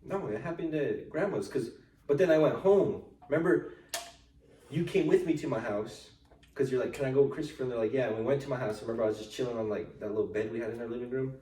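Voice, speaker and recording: A young man hosting a casual podcast chat, telling lively stories that are full of swearing and acted-out voices of other people. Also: medium pitch, fast talker, far from the mic. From United States. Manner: animated storytelling, swears freely, acts out quoted people. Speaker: podcast host. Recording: echoey room, voice off-mic.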